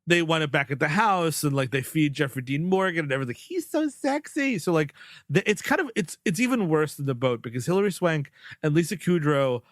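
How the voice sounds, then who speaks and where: A man's voice: a little high, fast, no echo, clean studio sound. Casual man recapping a movie plot. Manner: rambling recap with fillers and mock-quotes. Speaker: podcast co-host. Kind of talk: casual comedic movie-review chat.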